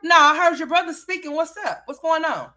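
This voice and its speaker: A woman's voice: very high-pitched, a little fast, sharp tone. A woman hosting a casual livestream, playfully scolding and teasing her young sons. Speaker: livestream host.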